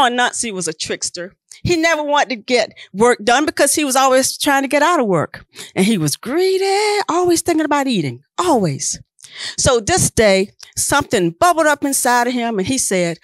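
A woman storyteller performing a folk tale with rhyming, expressive delivery. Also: fairly high pitch, no room sound, clean studio sound.

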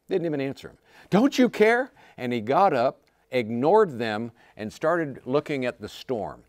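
A man preaching a sermon in a dry, close recording. His voice swoops high and low as he acts out the story, sometimes breaking into loud cries. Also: no echo. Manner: animated, acts out quotes with sudden shouts and laughs.

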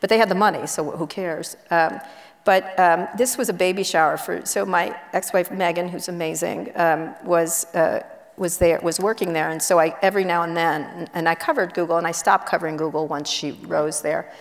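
Woman, gravelly, fairly low voice, blunt rambling storyteller, auditorium echo. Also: fairly even intonation. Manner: brisk, blunt anecdotes with many asides. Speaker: guest journalist. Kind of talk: onstage conversation, storytelling. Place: university auditorium before an audience. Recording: echoey auditorium hall.

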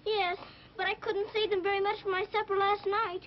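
A woman's voice: extremely high pitch, little pitch movement, fairly quick, slight background noise. A young girl speaking politely and earnestly in a 1930s film. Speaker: little girl lead in a film. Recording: dull old film soundtrack.

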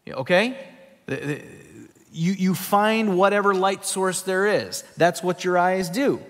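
A man's voice: high voice, measured pace, long reverb tail. A male pastor preaching a sermon in a church sanctuary, teaching from scripture with emphatic delivery.

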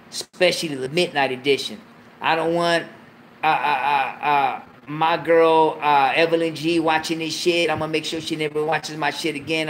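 A man's voice: fairly high pitch, a bit bright, a little hiss or hum. A man hosting a late-night livestream, talking casually, full of slang and profanity and joking between laughs. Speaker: livestream host.

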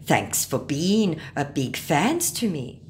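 A woman voicing a pushy male online scammer who pleads in halting, broken English. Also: deep voice, very animated, darkish tone, a little hiss or hum, exaggerated voice. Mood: pleading.

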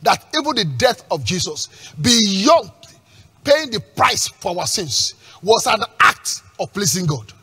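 Male pastor, high husky voice, lively swooping delivery; emphatic sermon with call-and-response and shouts. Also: takes it slowly. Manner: emphatic preaching with call-and-response questions and repeated words; breaks into shouts at peaks.

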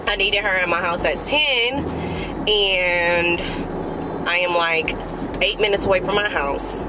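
A woman's voice: fairly low pitch, roomy sound, noisy background. A young woman from Los Angeles with an LA accent, chatting casually to camera in a vlog and calling her viewers y'all. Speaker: vlogger.

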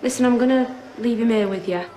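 A woman's voice: fairly high pitch, fast talker, mellow, faint music behind, natural voice. An actress playing a protective mother in a film, speaking firmly and directly. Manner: firm, direct, polite. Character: protective adult mother, firm but friendly. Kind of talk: film drama acting. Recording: roomy echo.

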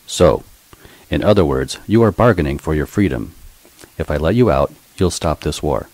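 A man voicing a gruff, impatient military general who speaks in a stern, curt way, in a storybook reading. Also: rumbling low, lively intonation, normal speed, a little mellow, dry recording, full character voice, poor audio.

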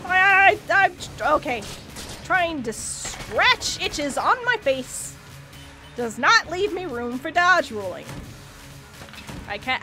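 A high, animated woman narrates her game run with theatrical despair and bursts of yelps. She talks at an unhurried pace, with game music playing clearly under her voice. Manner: dramatic, self-mocking, yelps and shrieks when panicked. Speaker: gaming streamer. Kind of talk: casual let's-play commentary.

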